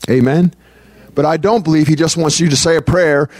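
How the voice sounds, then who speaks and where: A man's voice: fairly high pitch, fairly quick, a little mellow, no echo, studio quality. A man preaching a conversational sermon as pastor. He speaks earnestly and breaks into prayer as he teaches. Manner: earnest, prays aloud mid-talk.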